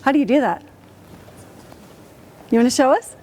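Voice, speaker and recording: A woman coaching a student orchestra in a school auditorium, lively and encouraging, asking the players lots of questions. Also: high voice, moderate pace. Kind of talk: rehearsal coaching.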